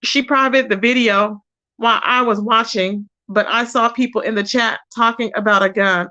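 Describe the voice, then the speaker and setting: A woman with a bright, high-pitched voice runs a chatty livestream. She keeps greeting viewers by name and calling them baby, and she repeats lines with open disbelief to drive a point home. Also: expressive, normal speed. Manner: exclaims in disbelief, repeats phrases for emphasis. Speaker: livestream host. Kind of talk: casual livestream commentary, reading chat.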